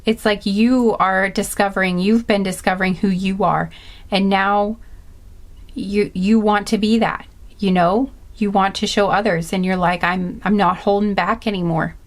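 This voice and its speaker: Woman, card reader, passionate, emphatic, repetitive, filler-heavy, medium pitch. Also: fairly even intonation, a little slow. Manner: passionate, emphatic, repeats phrases with many fillers. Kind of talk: intuitive pick-a-card reading.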